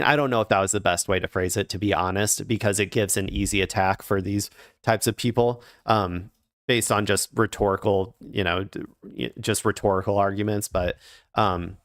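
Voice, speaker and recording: A man's voice: fairly low pitch, dry recording, clean studio sound. A man casually commenting on the news on his stream, rambling and hesitant with many fillers and restarts.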